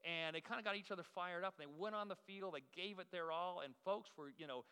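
Folksy pastor preaching in an echoey hall. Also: male voice, sits high, fast, bright, forceful tone, smooth. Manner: folksy, self-deprecating storyteller. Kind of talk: sermon. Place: church sanctuary.

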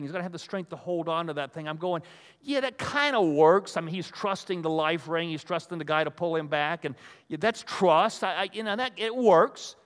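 A man's voice: high voice, a bit bright. An older man preaching a conversational sermon to a live audience, rambling and folksy, with many restarts and asides. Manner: rambling, folksy, full of restarts and "you know". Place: hall with an audience. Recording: long hall reverb.

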